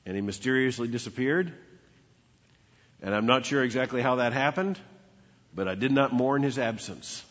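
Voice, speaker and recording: Male pastor, storytelling sermon voice, husky, heard in a reverberant church hall. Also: mid-range voice, moderate pace, long pauses, a bit bright. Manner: storytelling preacher, emphatic repetition. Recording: dull lo-fi with long hall reverb.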